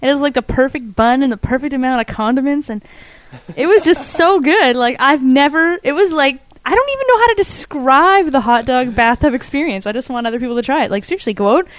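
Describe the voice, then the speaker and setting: A woman co-hosting a casual podcast chat, animated and giggly, swearing freely. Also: sits high, brisk, dry recording. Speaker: podcast co-host.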